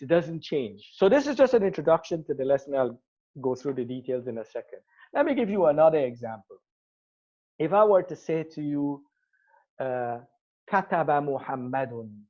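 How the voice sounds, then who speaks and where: A man's voice: fairly high pitch, a little mellow, highs cut off. A man teaching an Arabic grammar class, explaining step by step and checking the class follows. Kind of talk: classroom lecture.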